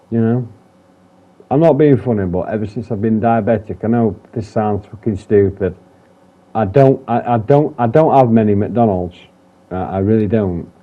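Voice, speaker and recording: Dull-sounding man, rambling and swearing. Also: fairly low pitch. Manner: rambling, frequent swearing and restarts. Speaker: vlogger. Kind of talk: candid personal vlog.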